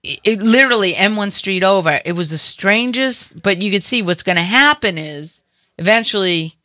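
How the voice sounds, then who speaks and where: A middle-aged woman hosting a casual chat, telling an animated story and acting out other people's voices. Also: medium pitch, normal speed, no echo.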